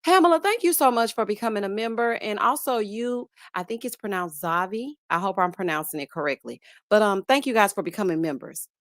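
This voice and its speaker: A woman hosting a live-streamed reality TV review, lively and chatty, calling out "child" and "honey" as she greets viewers by name. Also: medium pitch, fairly quick, few pauses, no echo, studio quality. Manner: sassy, says "child" and "honey". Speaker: host.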